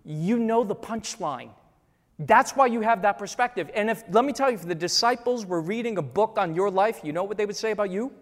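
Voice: medium pitch, animated, a little fast. Dramatic preacher in a reverberant hall. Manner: dramatic, acts out quoted voices, repeats key lines. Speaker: pastor. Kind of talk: sermon.

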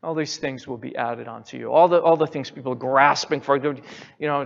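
A man's voice: on the high side, normal speed, creaky. A male pastor preaching a sermon, emphatic and repetitive, speaking directly to his church. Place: church sanctuary. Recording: reverberant hall, muffled sound.

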